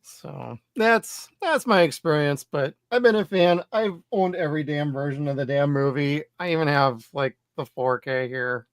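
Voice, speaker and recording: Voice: mid-range voice, moderate pace, hardly any pauses, dry recording, studio quality. Chatty, loose-tongued podcast host. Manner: chatty, swears casually, acts out quotes. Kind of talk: casual movie chat.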